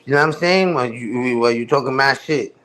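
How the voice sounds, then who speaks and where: A man's voice: mid-range voice, fast, sharp tone, a little hiss or hum. A man hosting a live stream, ranting heatedly with profane street slang. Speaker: livestream host. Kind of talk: casual livestream rant.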